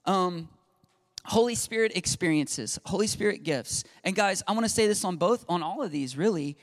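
A man's voice: sits high, normal speed. A man in his forties giving an informal, earnest sermon-style talk on faith and parenting, acting out quotes as he goes. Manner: earnest, lively, acts out quotes. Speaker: Christian speaker on parenting.

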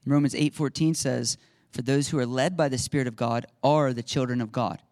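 A man preaching a lively sermon as a pastor, acting out little scenes and laughing now and then. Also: medium pitch, normal speed, no echo, clean studio sound. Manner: animated, acts out little voices and laughs often.

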